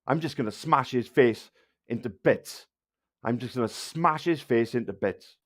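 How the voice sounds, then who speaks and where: A man's voice: mid-range voice, unhurried, background noise. A man with a South Wales Valleys accent ranting angrily at viewers on a livestream, swearing and hurling insults. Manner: angry, insulting, heavy swearing.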